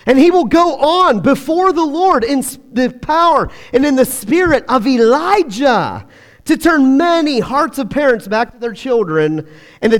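Preacher, man, lively swinging delivery, chatty jokes, reverberant hall. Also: very high voice. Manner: joking, chatty, laughs often. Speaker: pastor. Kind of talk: sermon with casual asides.

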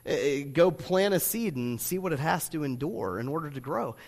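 A man preaching a sermon as pastor, talking in a loose, conversational way with lots of fillers, then pushing into loud, emphatic stretches. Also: on the high side, expressive, normal speed. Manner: conversational preaching full of "you know" fillers, rising to loud emphatic bursts. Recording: long hall reverb.

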